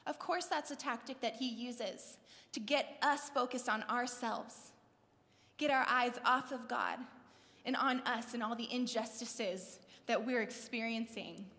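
A high-voiced woman preaches in a conversational, animated way, often putting direct questions to the congregation. She slips into little acted scenes as she goes. Her voice carries a long hall reverb. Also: measured pace. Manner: conversational, asks the audience questions. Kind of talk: sermon.

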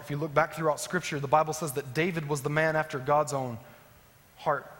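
A man preaching as a pastor, swinging between emphatic rising lines and soft, low endings. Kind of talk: sermon. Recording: long hall reverb.

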